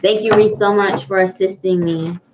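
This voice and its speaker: A woman's voice: mid-range voice, fairly even intonation, moderate pace. Earnest woman reading tarot on a livestream. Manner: earnest, repetitive, greets viewers by name. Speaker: tarot reader hosting a livestream. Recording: dull lo-fi livestream audio with faint noise.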